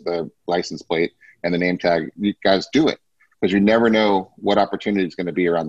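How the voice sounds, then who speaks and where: Deep-voiced guy giving a pep talk, kinda husky, dull lo-fi sound, keeps saying right?. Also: no echo. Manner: coaching, asks rhetorical "right?" often. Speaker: host. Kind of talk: motivational business talk.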